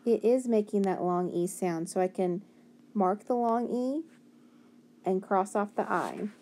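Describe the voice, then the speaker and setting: A woman's voice: medium pitch, unhurried, mellow, slight background noise. A woman teaching a phonics lesson, stretching out word sounds and asking and answering her own questions.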